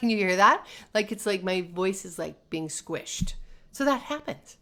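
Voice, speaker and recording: Animated bright-voiced woman voice teacher. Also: mid-range voice, measured pace. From North America. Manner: animated, sing-song, chatty with laughs. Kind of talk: live-streamed teaching talk, reading viewer comments.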